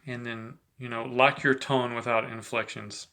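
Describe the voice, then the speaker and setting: A man giving a relaxed, chatty saxophone lesson, talking between played examples and filling his talk with "you know". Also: mid-range voice, normal speed. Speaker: saxophone teacher. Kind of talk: casual instructional talk between playing examples.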